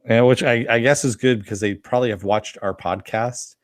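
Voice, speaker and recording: A man's voice: medium pitch, steady tone, brisk, no echo, studio quality. A man co-hosting a podcast, chatting casually about a TV episode, laughing often, swearing now and then and reading out viewer comments. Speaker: podcast co-host. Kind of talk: casual chat reviewing a TV episode.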